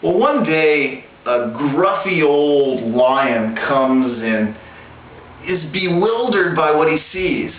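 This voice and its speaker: A man telling a spiritual parable in a slow, deliberate way with pauses and restarts, recorded through a tinny, echoey line from a distance. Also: on the high side, lively intonation, a little hiss or hum. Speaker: spiritual storyteller. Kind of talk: told parable, spiritual teaching. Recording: tinny far-off echoey lo-fi with faint background.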